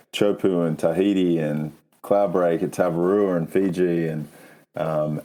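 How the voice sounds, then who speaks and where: A man's voice: deep voice, dark tone. A middle-aged man from Australia with a mild Australian accent, talking easygoing and rambling as a guest from his home. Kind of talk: casual interview.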